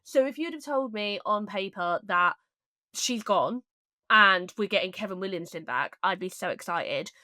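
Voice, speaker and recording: Bright-voiced woman podcast co-host, blunt and sweary, dry close sound. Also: medium pitch, lively intonation, normal speed, no room sound. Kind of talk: casual chat.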